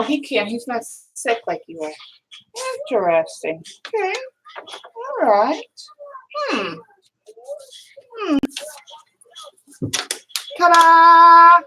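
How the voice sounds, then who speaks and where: Lively, bright-voiced grandmother crafting. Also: high voice, slow, pauses often, slight background noise, poor audio. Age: older. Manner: chatty, muses aloud with hums. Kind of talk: casual crafting chat.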